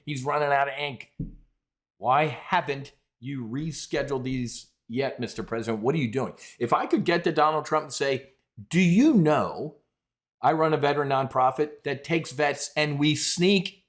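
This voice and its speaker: A middle-aged man hosting a live trading show, talking in a brash, rambling way and calling his audience folks. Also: mid-range voice. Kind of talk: live market commentary.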